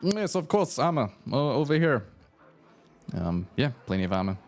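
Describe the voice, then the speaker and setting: A man voicing a huge burly woman blacksmith from the north, with a hammy mock Russian accent and a gruff, blunt manner. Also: on the low side, lively intonation, normal speed, darkish tone. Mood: gruff welcoming.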